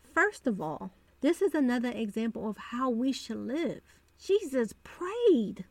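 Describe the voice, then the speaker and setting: A woman's voice: a little high, big pitch swings, a little slow, darkish tone, no echo. A woman hosting a devotional podcast, talking earnestly and repeating phrases for emphasis. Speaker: podcast host.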